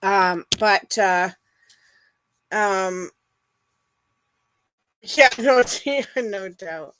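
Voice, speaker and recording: A woman's voice: mid-range voice, extremely slow, fairly bright tone, clean tone, no room sound. A middle-aged woman hosting a casual livestream, rambling with fillers and greeting viewers by name. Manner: chatty, rambling, full of fillers. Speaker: livestream host. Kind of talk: casual chat with live viewers.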